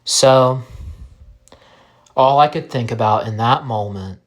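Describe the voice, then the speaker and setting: Slow, somber male storyteller. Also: mid-range voice. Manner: slow, halting, somber narration. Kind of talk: first-person spoken story.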